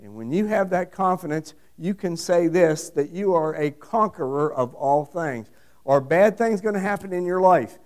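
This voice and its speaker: A man's voice: sits high, moderate pace, a little mellow. A middle-aged man preaching a sermon, emphatic and repetitive, asking the congregation questions. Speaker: pastor.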